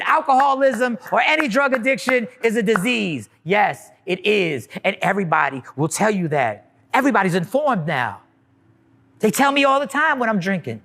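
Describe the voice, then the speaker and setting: A man delivering a comic stand-up style monologue, animated and mocking the voices of others. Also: high-pitched. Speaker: comedian.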